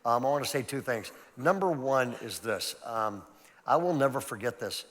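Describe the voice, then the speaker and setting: A man's voice: medium pitch, expressive, moderate pace, fairly bright tone. Older male pastor in a reverberant hall. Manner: storytelling, conversational and emphatic. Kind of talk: sermon-style seminar talk. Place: large church hall.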